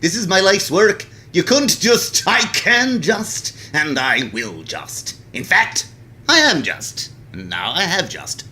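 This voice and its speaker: A man's voice: very animated, takes it slowly, sharp tone, exaggerated voice. A man doing a desperate mad scientist. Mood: pleading. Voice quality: high, strained, pleading.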